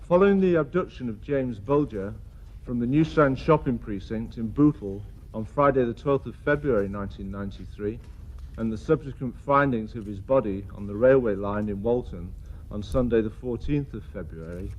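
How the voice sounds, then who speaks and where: A man delivering a formal, steady news report in old archive news footage. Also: medium pitch, moderate pace, muffled recording.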